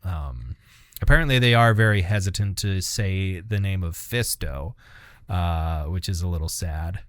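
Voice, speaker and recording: Low smooth-voiced podcast co-host, rambling. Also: male voice, measured pace, a bit bright, dry recording, clean studio sound. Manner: rambling, profane, laughs at his own stories. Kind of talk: casual chat.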